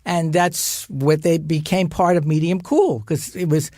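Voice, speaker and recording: A man's voice: measured pace, no room sound, studio quality. A man telling showbiz stories in casual chat, acting out the quotes and laughing often. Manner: animated, acts out quotes in a higher voice, laughs often. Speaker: guest actor telling stories.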